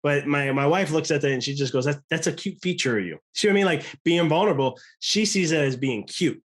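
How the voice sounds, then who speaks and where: A man in his thirties, a chiropractor guest on a chat podcast, talking in an earnest, rambling way. His voice sits a little high for a man, and he keeps restarting sentences and quoting his own thoughts. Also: lively intonation, fairly quick. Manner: rambling, earnest, many restarts and quoted self-talk. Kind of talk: casual podcast conversation.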